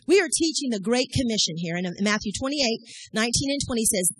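A woman's voice: a little high, lively intonation, fast talker, fairly bright tone, slightly rough, no room sound. A middle-aged woman, giving a sermon in a folksy, storytelling way. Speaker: church speaker.

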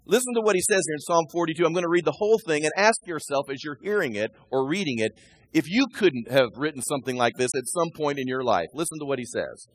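A male pastor preaching a sermon, shifting between quiet asides and loud, emphatic readings of scripture. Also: fairly high pitch, lively intonation, fast talker, breathy edge.

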